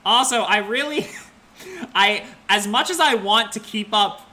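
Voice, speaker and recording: A woman's voice: fairly high pitch, animated, measured pace, sharp tone. A woman streamer giving casual let's-play commentary, chatting and joking between lines.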